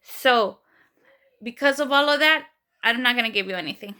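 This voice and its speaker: A young woman telling a story to her camera, her voice high and bright. She talks casually with lots of fillers and slips into lively quoted voices for the people in her story. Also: normal speed. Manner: animated retelling, acts out quoted voices, many fillers. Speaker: vlogger.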